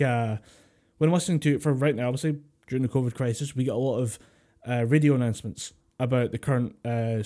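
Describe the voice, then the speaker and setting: A man's voice: mid-range voice, warm tone. A Scottish man co-hosting a podcast over a remote call, chatting casually, swearing freely and laughing often. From Scotland. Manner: sweary, laughing, goes into mock voices. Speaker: podcast co-host. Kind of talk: casual chat. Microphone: remote call mic.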